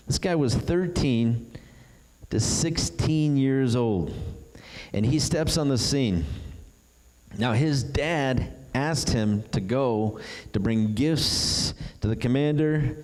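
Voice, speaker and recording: A man preaching a sermon, retelling a story with animated delivery and acting out the characters' voices. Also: on the low side. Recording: long hall reverb.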